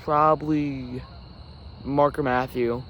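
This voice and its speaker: A man's voice: medium pitch, flat delivery, slow, highs cut off, slight background noise. A man hosting a casual solo podcast outdoors by a forest, talking in a rambling, self-correcting way. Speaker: podcast host. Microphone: camera recording himself. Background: insects and crickets.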